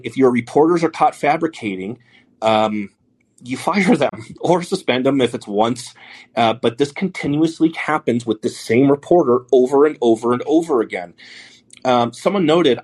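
Blunt, husky-voiced male podcast host. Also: mid-range voice, darkish tone. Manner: blunt, profane, rambling with many restarts. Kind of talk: casual commentary.

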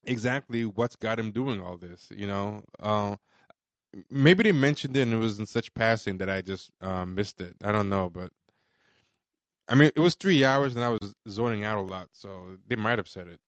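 A man's voice: on the low side, moderate pace, dry recording, dull audio. A man in casual podcast chat, hesitant, stammering and trailing off. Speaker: podcast co-host.

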